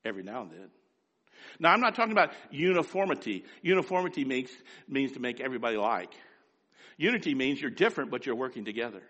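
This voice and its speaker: Animated preacher man with a scratchy voice. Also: fairly high pitch, big-room sound. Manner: animated, swings from quiet asides to loud exhortation. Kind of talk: sermon.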